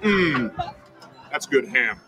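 An actor playing a smug, deadpan TV spokesman in a spoof ad, speaking with a smooth, confident pitch. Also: very slow, over a noisy crowd. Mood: deadpan salesy. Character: smug male ham-selling TV pitchman, deadpan. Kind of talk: comedy sketch ad read. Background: music under the ad.

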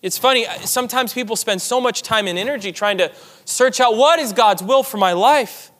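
A man's voice: very high voice, normal speed, fairly bright tone, in a large hall. A man preaching a sermon as pastor, reading scripture aloud and pressing his points with emphasis.

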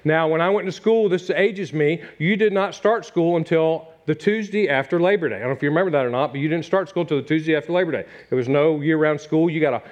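A middle-aged man from Virginia gives a folksy, conversational sermon, repeating his phrases and chatting with his congregation. His voice sits somewhat high for a man. The recording sounds a little dull and lo-fi. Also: quick pace, hardly any pauses, darkish tone. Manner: repetitive, conversational preaching with asides to the congregation. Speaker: pastor.

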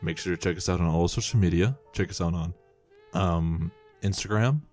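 A young man hosting a casual podcast, telling a story and acting out the quotes loudly. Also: sits low, moderate pace, faint music behind. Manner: animated, acts out quotes loudly, swears. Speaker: podcast host.

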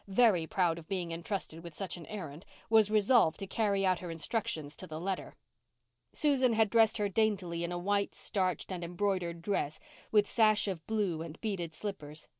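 A woman narrates a classic novel in a measured, expressive reading. Her voice sits at a middling pitch. The recording is close and dry, with no room sound. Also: dry recording. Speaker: audiobook narrator. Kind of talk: scripted narration.

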